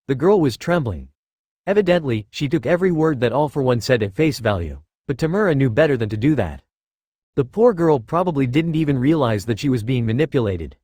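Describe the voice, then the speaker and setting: Lively male audiobook narrator. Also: mid-range voice, no echo, clean studio sound. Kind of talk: scripted narration of fan fiction.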